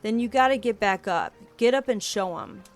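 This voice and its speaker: Woman doing a gruff teen jock with a slangy drawl. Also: fairly high pitch, moderate pace, soft background music, close to an everyday voice. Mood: heated. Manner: thick slangy drawl, clipped and cryptic. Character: blunt teenage boy athlete, gruff and cryptic.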